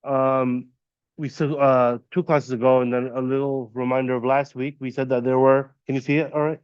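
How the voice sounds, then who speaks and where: A man teaching a classroom lesson, patiently quizzing students and repeating terms slowly. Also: medium pitch, flat delivery, clean tone, no room sound, dull audio. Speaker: Arabic teacher. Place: classroom at an Islamic center.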